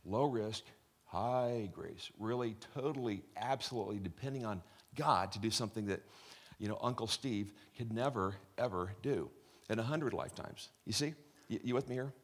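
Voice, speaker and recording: A man's voice: on the low side, moderate pace, husky. A middle-aged man preaching a chatty, joking sermon as pastor, with many restarts.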